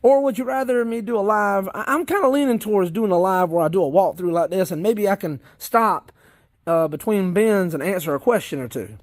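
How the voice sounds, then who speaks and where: Digging through worm bins outdoors, a worm farmer with a Southern US accent chats casually and rambles in a folksy way. He talks a little fast in a high voice, and the recording is dry.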